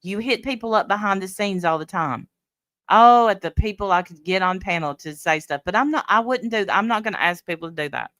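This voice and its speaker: Blunt, bright-voiced woman host. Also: mid-range voice, lively intonation, fairly quick, no room sound, studio quality. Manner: blunt and mocking. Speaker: host reacting to a stream. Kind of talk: heated reaction commentary. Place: lives in Tennessee.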